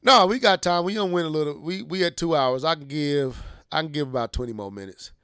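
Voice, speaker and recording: A high-pitched man riffs on video games on a podcast, excitable and playful, his speech loose and slangy. His voice sits high for a man and is recorded dry and close, with no room sound around it. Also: fast, clean tone, no room sound. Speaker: podcast co-host. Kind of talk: casual gaming chat.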